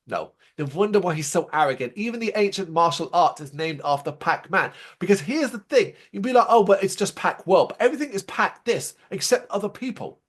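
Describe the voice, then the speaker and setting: Man, podcast co-host, high voice, sarcastic, animated, swears a lot. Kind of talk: casual review chat.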